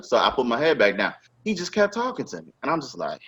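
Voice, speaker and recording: Animated, profane male podcast host. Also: medium pitch, quick pace, hardly any pauses. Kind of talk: casual storytelling chat. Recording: dull lo-fi sound.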